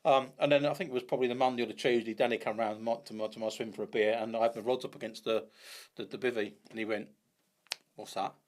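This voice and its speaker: A man, a podcast guest telling casual stories in an animated way, acting out dialogue with many restarts. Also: mid-range voice, rapid-fire. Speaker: podcast guest, bait company founder.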